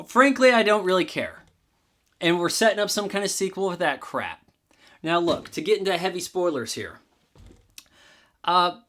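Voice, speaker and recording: A man with a slightly higher voice reviews a film in a loose, sarcastic rant. He swears casually and mocks what he describes. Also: fairly bright tone. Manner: sarcastic, profane ranting. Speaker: movie reviewer. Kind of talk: casual spoken movie review.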